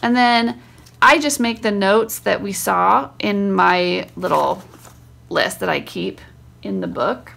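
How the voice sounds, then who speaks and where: A woman's voice: mid-range voice, takes it slowly, gravelly, fairly bright tone. A woman, a homeschool teacher, casually demonstrating a spelling lesson and sounding out words syllable by syllable.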